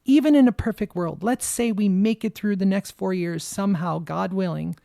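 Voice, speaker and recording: A woman's voice: medium pitch, normal speed, gravelly, warm tone, dry recording, clean studio sound. A woman hosting a podcast, delivering an angry, emphatic political monologue and swearing freely, shaking with anger as she speaks. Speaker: podcast host.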